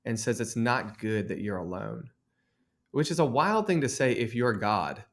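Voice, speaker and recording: A man's voice: medium pitch, expressive, normal speed, gravelly. A man in his thirties, an author and guest, telling a story in an earnest, reflective way. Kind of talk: conversational interview.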